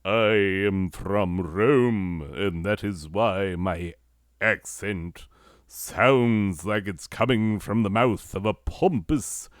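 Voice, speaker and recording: A man's voice: fairly low pitch, slow, no room sound, clean studio sound. A man playing a haughty ancient Roman who speaks in a British accent, pompous and theatrical.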